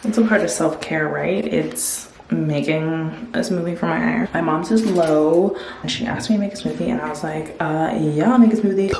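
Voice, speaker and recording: A young woman chatting casually in a self-care vlog at home, rambling with lots of fillers, teary and dropping into soft whispers. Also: low voice, normal speed, a little hiss or hum. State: teary, emotional. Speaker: vlogger. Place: home, indoors at night.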